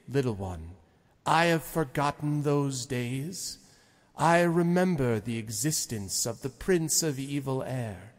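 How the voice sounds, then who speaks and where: A man voicing an ancient, proud male lord who speaks slowly and gravely in a tabletop game. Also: medium pitch, a little mellow, in a large hall. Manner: slow, deliberate, grave speech.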